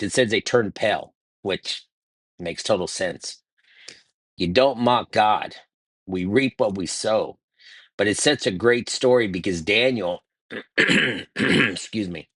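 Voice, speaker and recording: A man's voice: fairly low pitch, fairly bright tone, no room sound. A man preaching in a casual devotional style, retelling a scripture story in slangy, conversational words with emphatic repetition.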